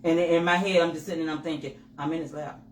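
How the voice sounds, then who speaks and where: A woman co-hosting a candid couple's chat with her husband, telling personal stories with lively acted-out inner dialogue. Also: deep voice, quick pace. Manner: animated storytelling, acts out her own inner voice. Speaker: co-host. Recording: roomy with faint noise.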